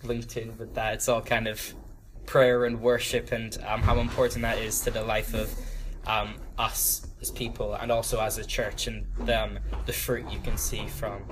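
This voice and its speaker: A man's voice: lowish voice, level tone, normal speed, hardly any pauses, background noise. Young man rambling through a talk. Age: 20s. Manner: rambling, many ums and restarts, laughs at his own stories. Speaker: youth group speaker. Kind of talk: casual talk to a small group. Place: church room with a small group.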